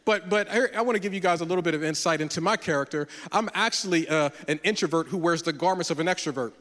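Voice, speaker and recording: A man with a high, light voice preaches as a pastor. He tells his story in an animated way and acts out the dialogue as he goes. The sound rings with a long hall reverb. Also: quick pace. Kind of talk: sermon with personal storytelling.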